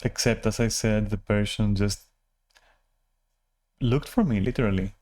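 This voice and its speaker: This vlogger's voice is fairly low and a little mellow, with fairly even intonation and a slightly slow pace. He rants casually to camera, rambling and putting himself down, and he swears freely. Filler words are frequent, and he often restarts his sentences.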